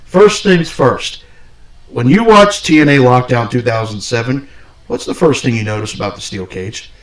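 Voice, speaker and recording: Guy cohosting a wrestling podcast, cusses a lot, sits back from the mic in a boomy room. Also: normal speed, roomy sound, distant mic, poor audio. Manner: profane, laughing, loud bursts. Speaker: podcast co-host. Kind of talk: casual wrestling chat.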